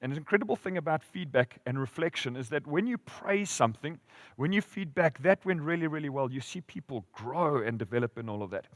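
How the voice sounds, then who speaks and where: A man preaching a sermon as pastor, telling stories with lively rises and drops in volume. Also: medium pitch, fairly quick, dry recording, long reverb tail. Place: church hall.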